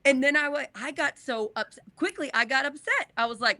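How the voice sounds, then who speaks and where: A woman's voice: high voice, lively intonation, moderate pace, hardly any pauses, bright, forceful tone, dry recording. A woman co-hosting a podcast, telling a personal story in an earnest, emotional way. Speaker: podcast co-host. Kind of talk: casual chat.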